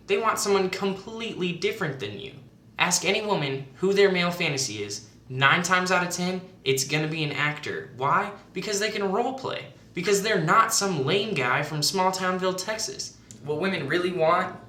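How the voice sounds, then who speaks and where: A woman's voice: fairly low pitch, fairly bright tone, reverberant. A woman narrating satirical mock dating advice in a sarcastic, mock-authoritative tone.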